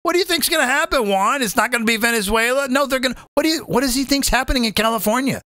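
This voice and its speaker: A male comedian hosting a live show, ranting about politics in a profane, animated way and calling viewers "folks.". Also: very high voice, racing, no room sound, clean studio sound. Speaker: comedian host.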